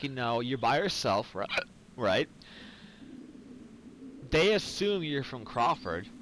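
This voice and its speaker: A man's voice: mid-range voice, a bit bright, a little hiss or hum, poor audio. A tipsy man, rambling and swearing through casual game commentary after some whiskey. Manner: rambling and profane. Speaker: gaming commentator.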